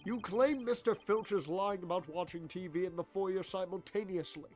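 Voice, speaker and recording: A man voicing a cold, sneering male samurai prosecutor in a low, quiet, mocking way. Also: normal speed, faint music behind, close to an everyday voice. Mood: taunting.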